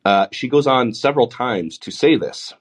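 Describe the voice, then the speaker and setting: A man with a baritone voice hosting a live podcast, talking through the week's news with sarcastic asides. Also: animated, normal speed, husky. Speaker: podcast host. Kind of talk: solo podcast monologue.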